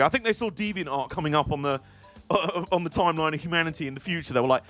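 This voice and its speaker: British man, game streamer, rambling jokey commentary, slightly high voice, faint game music behind. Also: expressive, fast, a bit bright. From Britain. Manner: joking, rambling and irreverent. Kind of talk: casual gameplay commentary.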